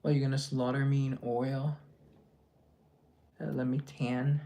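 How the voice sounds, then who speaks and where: A man with a mellow, gravelly voice hosts a casual live show. He talks in a loose, chatty way and reacts quickly to each viewer comment. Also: medium pitch, level tone.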